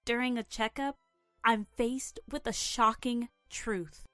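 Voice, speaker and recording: A woman narrating a first-person drama story in an earnest, emotional, measured way. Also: on the high side, steady tone, fairly bright tone, dry recording, soft background music.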